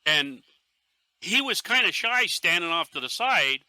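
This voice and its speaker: A middle-aged man from Northeastern Pennsylvania, a podcast guest who tells stories in a casual, animated way and acts out quotes. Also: high-pitched, unhurried, dry recording. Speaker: podcast guest, airsoft team leader.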